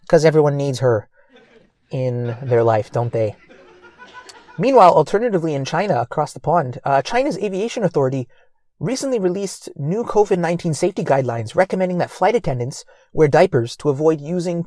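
A man's voice: on the high side, dark tone. Man hosting a joking comic news monologue. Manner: loose, joking, chuckling, crude asides. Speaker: comedy show host.

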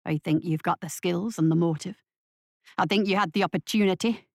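A blunt, wary Scotsman speaks in a lowered voice with a Scottish accent, as a woman puts him on. He talks plainly and carefully in this audio story. The sound is close and dry. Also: a little fast, darkish tone, no room sound, natural voice. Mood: suspicious. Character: Scottish man, gruff suspicious partner.

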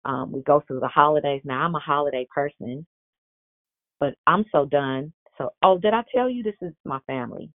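A woman in her forties preaching a sermon, telling a personal story with animated, quoted back-and-forth dialogue. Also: sits low, moderate pace, no room sound. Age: 40s. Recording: tinny phone-like sound.

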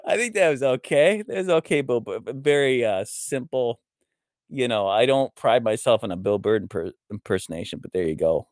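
A man's voice: mid-range voice, lively intonation, moderate pace, no room sound, clean studio sound. A man in his forties hosting a live show, rambling casually with many fillers and restarts. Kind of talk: casual live-stream monologue.

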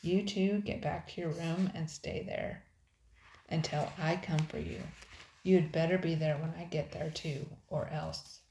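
A woman voicing a burly adult male sailor, stern but kind, speaking slowly, in a storybook reading in an echoey room. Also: low-pitched, steady tone, a little mellow, slight background noise.

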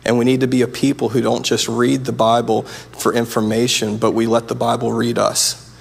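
A man's voice: mid-range voice, flat delivery, moderate pace, gravelly, slightly rough. A man preaching a sermon as pastor, earnest and conversational, often restarting his sentences.

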